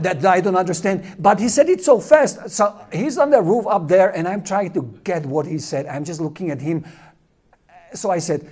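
A man from Czechoslovakia, teaching a class and telling animated stories that he laughs through. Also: high voice. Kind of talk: storytelling lecture.

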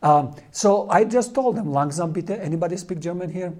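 Man, fairly high voice, lively storytelling lecture, teaching a class. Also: normal speed. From Czechoslovakia. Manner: animated, laughs while telling stories.

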